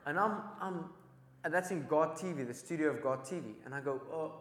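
A man from Africa, telling an animated testimony as a preacher and acting out the dialogue. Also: on the high side, a little fast, roomy sound. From South Africa. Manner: excitable storyteller who acts out dialogue.

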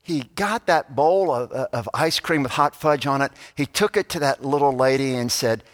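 A man's voice: medium pitch, normal speed, few pauses. A male pastor giving a sermon, telling stories and acting out the people in them. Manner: storytelling, voices quoted characters. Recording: long church reverb.

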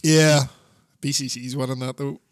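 A man's voice: medium pitch, little pitch movement, normal speed, no room sound. Sweary man, dry close mic. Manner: sweary, rambling, laughs often. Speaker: podcast co-host. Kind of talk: casual wrestling chat.

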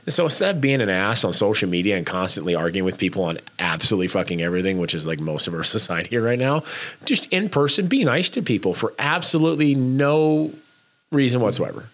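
A man's voice: medium pitch, fairly bright tone. A man co-hosting a casual chat, urging listeners to be kind, talking emphatically and bluntly with frequent restarts.

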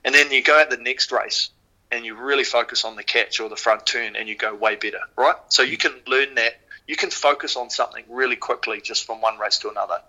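A man with a New Zealand accent, a podcast guest and former rower, telling stories casually in an animated way, swearing freely and using lots of fillers. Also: mid-range voice, fairly quick, low-quality recording. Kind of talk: casual storytelling.

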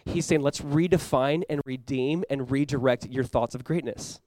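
A young adult man preaching a sermon as pastor, animated and acting out playful voices for the disciples. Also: mid-range voice, moderate pace, no echo.

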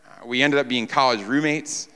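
A man's voice: mid-range voice, moderate pace, sharp tone, clean tone. A man from New York preaching a sermon to a congregation, emphatic, repeating his phrases and asking rhetorical questions. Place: church sanctuary before a congregation. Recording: long reverb of a large hall.

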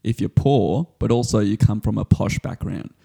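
A man's voice: on the low side, moderate pace, gravelly, dark tone, husky. A man co-hosting a comedy podcast, joking and self-deprecating in casual banter. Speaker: podcast co-host.

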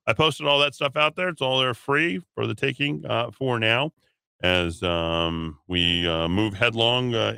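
A man's voice: fairly low pitch, sharp tone, smooth, no echo. A man hosting talk radio, reading listener comments aloud with blunt, sardonic asides.

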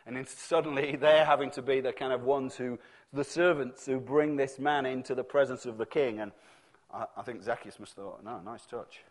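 A man's voice: mid-range voice, moderate pace. A man preaching a sermon in a conversational storytelling manner, acting out the voices he quotes.

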